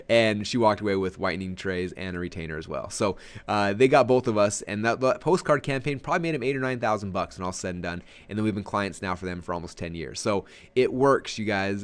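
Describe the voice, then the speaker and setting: A man presenting a marketing webinar in an energetic, conversational way, often checking in with his audience. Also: fairly low pitch.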